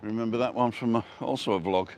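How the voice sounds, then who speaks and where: A man's voice: mid-range voice, quick pace, darkish tone. English man, jokey walking-tour chat, outdoors, light traffic noise behind. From England. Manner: chatty, jokey, chuckles at his own quips. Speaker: vlogger. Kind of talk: casual walking tour commentary. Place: outdoors on a street.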